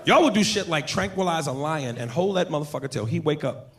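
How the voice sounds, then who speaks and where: A man's voice: on the high side, animated, fairly quick, background noise. Brash, profane stand-up comedian man. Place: comedy stage before a live audience. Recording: live club mic, crowd laughter.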